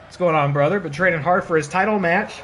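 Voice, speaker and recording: A man streaming and commentating a wrestling video game, excitable and laughing, with casual swearing and playful trash talk. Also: on the high side, fast, slight background noise. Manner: excitable, laughing, bursts of disbelief.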